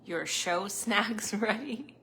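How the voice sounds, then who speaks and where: A woman's voice: mid-range voice, lively intonation, slow, bright, forceful tone, slight background noise. A woman hosting a casual live stream as a psychic medium at home, close to the camera, rambling and chatty and laughing often.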